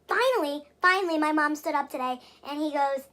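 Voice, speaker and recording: High-voiced young woman venting frustration. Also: brisk, pushed and bright. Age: young adult. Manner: rambling and exasperated, with frequent swearing and fillers. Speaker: vlogger. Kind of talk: casual venting vlog.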